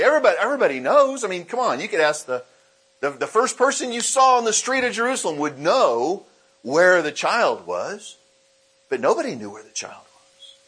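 A man's voice: fairly high pitch, slightly rough. A man preaching a sermon as pastor, reading scripture aloud and explaining it, slipping into acted voices for the people in the story. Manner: animated, acts out quoted voices.

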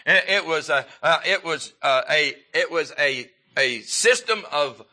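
Male preacher, sermon delivery, halting and repetitive, with a piercing bright tone. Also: a little high, animated. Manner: halting, repeats and restarts, rising for emphasis.

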